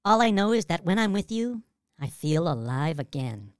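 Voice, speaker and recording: A man's voice: high-pitched, big pitch swings, moderate pace, clear, resonant tone, no echo, studio quality. A man voicing a lonely, lovesick female ghost in a comedic script reading, his voice shifted to sound female in editing. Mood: longing.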